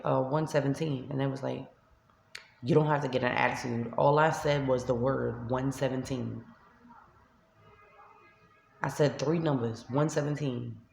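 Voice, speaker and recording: A woman's voice: rumbling low, creaky, darkish tone, reverberant, slight background noise. A woman with a New York accent, a shelter resident venting to camera in a vlog, upset and tearful as she retells an argument. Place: shelter room by a street window.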